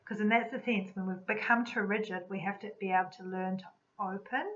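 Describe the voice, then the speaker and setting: Woman teaching in a calm, reflective way. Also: mid-range voice, brisk. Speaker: energy medicine practitioner. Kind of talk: spoken teaching talk. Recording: slightly dull lo-fi recording.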